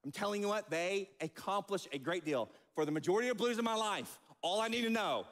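A man preaching a sermon as pastor, animated and acting out quotes. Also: high-pitched, brisk, in a large hall. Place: church sanctuary.

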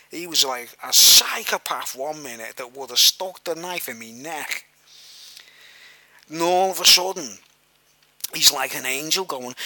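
Rambling man, bright and dry. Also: on the high side, animated, moderate pace, no room sound, poor audio. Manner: rambling, full of "like" and "you know", addressing viewers as guys. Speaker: vlogger telling a personal story. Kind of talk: casual storytelling to camera.

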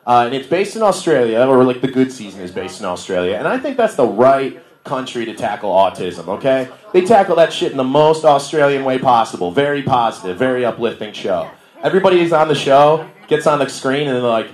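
A young comedian from Milwaukee works a bar stage with a casual, slangy routine, cracking himself up along the way. He speaks briskly in a mid-range voice with big pitch swings, and the room is echoey.

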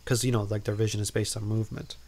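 A man's voice: lowish voice, little pitch movement, quick pace, darkish tone. A man hosting a podcast, casually recapping a movie in a rambling way, full of "like" and "um," with playful asides. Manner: rambling, filler-heavy, lots of "like" and "um"; playful, self-interrupting asides. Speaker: podcast host.

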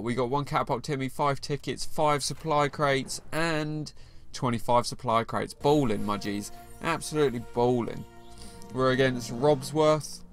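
A young man giving casual, excitable commentary over his own mobile game, bantering at his opponent. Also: medium pitch, gravelly. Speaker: gaming YouTuber. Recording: faint game music behind the voice.

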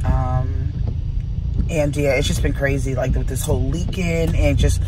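A woman's voice: a bass voice, steady tone, unhurried, background noise. A young woman vlogging from inside her car, venting her frustration to the camera and swearing freely. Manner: profane, exasperated venting to camera. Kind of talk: casual vlog rant.

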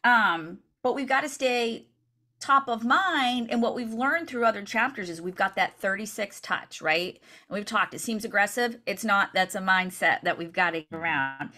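With a medium-pitched voice and a moderate pace, a woman trains real estate agents in an energetic, chatty session, regularly checking in with "right?".

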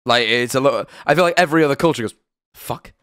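A British man hosts a livestream in a medium-pitched, smooth voice, talking very fast. He chats casually and animatedly, swears now and then, and reads out subscriber names, stumbling over some of them.

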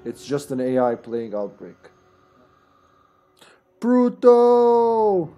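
A man's voice: mid-range voice, moderate pace, a little mellow. Jokey guy chatting while he streams a game, rambly, game music faint behind. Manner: jokey, laughs often, rambling. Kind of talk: casual gaming chat.

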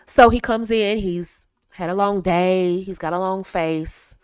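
A woman hosting a coaching talk for women. She is animated and acts out little dialogues in a sweet, high voice. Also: a little slow, hardly any pauses, clear, resonant tone, no room sound, clean studio sound. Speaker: host.

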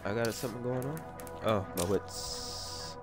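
A man's voice: medium pitch, unhurried. A man with a cold giving casual let's-play commentary, rambling and talking to himself with goofy asides. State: sick with a cold. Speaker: gaming video creator. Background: game music.

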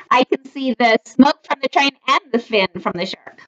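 A woman reading a picture book aloud to children, animated and laughing often. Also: high voice, a little slow, lo-fi sound. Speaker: storytime reader.

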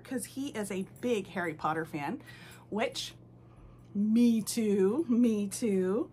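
A woman hosting her doll channel, who gushes with excitement and coos to her dolls. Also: on the high side, slow pace, husky. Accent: American. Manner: gushing, excitable, lots of "oh my goodness"; baby talk to her dolls. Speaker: reborn doll channel host. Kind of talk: unboxing vlog chat.

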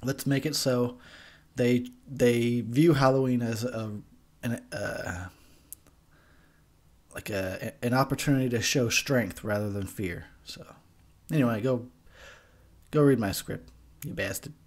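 A man's voice: medium pitch, measured pace, long pauses, darkish tone. A young man giving a tipsy, profane movie commentary, rambling and laughing at his own jokes. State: tipsy from beer.

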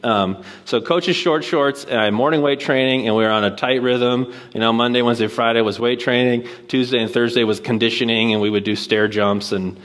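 A man's voice: mid-range voice, a little fast, few pauses. A man in his early forties, from Washington State, preaching a conversational guest sermon and acting out the voices he quotes. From Washington State, USA. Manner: animated storytelling, acts out quoted voices.

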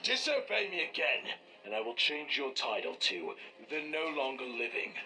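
A man's voice: medium pitch, very animated, normal speed, bright, forceful tone, rough recording. A stern young warrior king. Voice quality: commanding, formal speech. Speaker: film character. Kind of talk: animated short film voice acting.

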